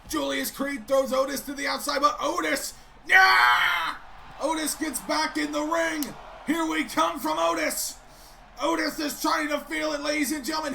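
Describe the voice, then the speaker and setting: High-pitched excitable male game commentator. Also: gravelly, a little hiss or hum. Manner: excitable, keeps breaking off with "wait a minute". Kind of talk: play-by-play commentary of a video game.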